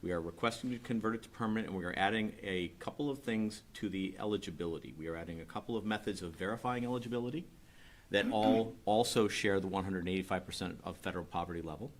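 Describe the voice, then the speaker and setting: Deep-voiced man briskly explaining a rate plan. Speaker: utility staff presenting a rate request. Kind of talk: public meeting presentation.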